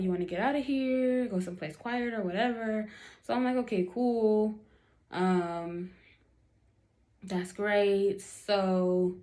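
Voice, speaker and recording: A woman's voice: fairly low pitch, darkish tone. Chatty woman telling a story. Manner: chatty, many fillers, acts out quotes. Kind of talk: casual storytelling to camera.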